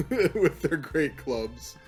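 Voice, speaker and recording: A man narrating as game master of a tabletop game, relaxed and often laughing as he rules on rolls. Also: a little high, very slow, faint music behind.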